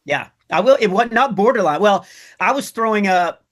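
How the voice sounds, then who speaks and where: A comedian guest in a casual conversation, telling stories with a dry, wry sense of humor. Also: male voice, sits high, animated, normal speed, a bit bright.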